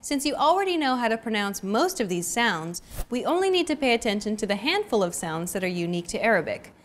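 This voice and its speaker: A woman's voice: on the high side, big pitch swings, a little fast. A young adult woman hosting a language lesson, with a scripted, upbeat coaching delivery.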